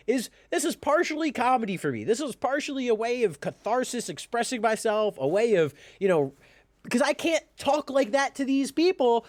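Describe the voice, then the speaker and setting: A young man ranting in a commentary vlog, blunt, profane and animated. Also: extremely high pitch, no room sound. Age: young adult. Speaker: YouTuber.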